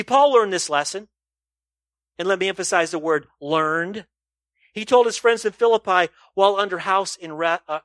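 A pastor preaches to his congregation, posing rhetorical questions and shifting between loud, emphatic lines and soft, low asides. The recording is studio quality with no room sound.

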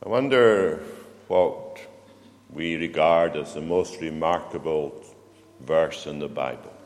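A man preaching a sermon in a church, slow and reflective, often turning questions to the congregation. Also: very deep voice. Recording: long reverb of a church hall.

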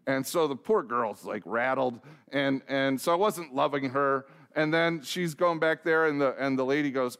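A man's voice: fairly high pitch, a little slow, gravelly, a bit bright, smooth. A middle-aged man preaching as a pastor, telling a self-deprecating story and asking the congregation direct questions. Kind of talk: sermon with a humorous personal story.

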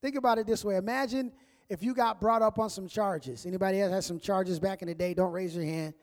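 A man preaching a sermon as a pastor, telling stories in a relaxed, conversational way and acting out voices. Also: high-pitched, fairly quick, in a large hall. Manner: conversational storytelling, acts out voices.

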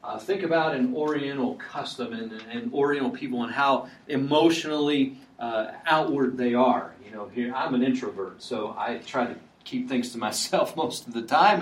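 A male preacher talks through a sermon in a loose, conversational way, stumbling over restarts and fillers. His voice sits at an ordinary pitch. He sounds echoey and picked up from a distance, like a mic across a church hall. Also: moderate pace.

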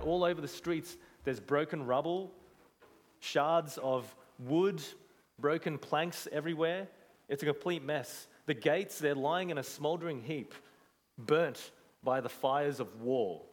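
A man's voice: a little high, long reverb tail. A man preaching a sermon with earnest emphasis, asking his listeners rhetorical questions.

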